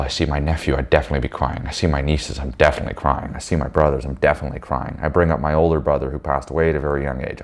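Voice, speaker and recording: A man leading a men's group in a casual motivational talk, blunt and emphatic, swearing freely and checking in with listeners. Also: rumbling low. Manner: addresses listeners with frequent "right?" tags.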